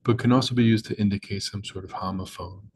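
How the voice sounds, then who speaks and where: A young man with a somewhat low voice talks through a puzzle walkthrough. He explains each step patiently and stops now and then to correct himself, like a teacher recording at his desk. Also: fairly even intonation, quick pace, slight background noise, low-quality recording. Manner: patient, explanatory, with small slips and restarts. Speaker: crossword puzzle maker and teacher. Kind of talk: screen-recorded tutorial walkthrough.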